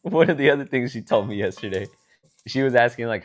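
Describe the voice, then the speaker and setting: Talking quickly in a mid-range voice, a young man banters with his sister on the podcast they co-host. He teases her throughout and tells stories with animation, quoting others in put-on voices.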